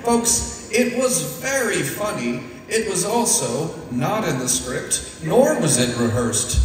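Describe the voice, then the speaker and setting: Deadpan young comic in an echoey hall. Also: male voice, fairly high pitch, slow, distant mic, faint music behind. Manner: self-deprecating, deadpan delivery. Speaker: stand-up comedian. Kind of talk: stand-up comedy set. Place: stage in an echoey venue. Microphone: picked up from a distance.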